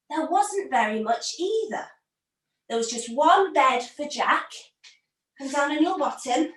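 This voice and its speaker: High, slow, playful yoga teacher woman. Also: far from the mic. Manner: playful and encouraging, gives gentle instructions. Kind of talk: storytelling yoga class for children. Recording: roomy echo, from off the mic.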